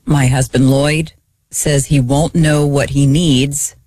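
A woman's voice: low-pitched, fairly even intonation, takes it slowly, warm tone, dry recording. Chatty woman, dry close sound. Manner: chatty, rambling, sarcastic with laughs. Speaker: guest shopper. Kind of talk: casual chat.

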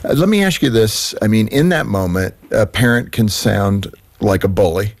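A man hosting a faith-based parenting discussion, asking his guests questions in a relaxed conversational way. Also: on the low side, normal speed, gravelly. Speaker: host.

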